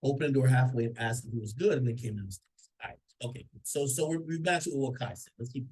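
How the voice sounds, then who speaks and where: A man's voice: medium pitch, fast talker, darkish tone, slightly rough, poor audio. A man commenting casually on a played clip, opinionated, often stammering and repeating words. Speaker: reaction commentator.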